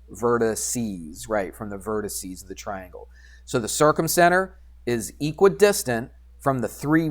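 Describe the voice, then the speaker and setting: Male math teacher, easygoing classroom delivery, quizzes the class, mutters while clicking through software. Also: lowish voice. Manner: conversational, asks students questions and answers himself; talks while working drawing software, mutters asides. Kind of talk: classroom geometry lesson.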